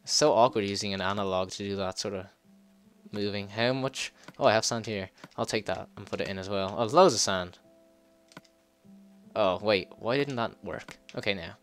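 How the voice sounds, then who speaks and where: Excitable low-voiced man gaming. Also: faint music behind. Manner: excitable, swears and laughs, quick yelps when startled. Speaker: let's play gamer. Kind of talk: casual gameplay commentary.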